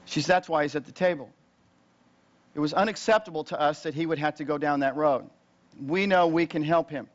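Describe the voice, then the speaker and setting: A male pastor with a notably high voice delivers a sermon as a story told to his congregation. He talks plainly and conversationally, then climbs higher and louder in the tense parts. The recording sounds dull and lo-fi. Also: fairly quick. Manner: conversational, rising loud and high when retelling tense moments.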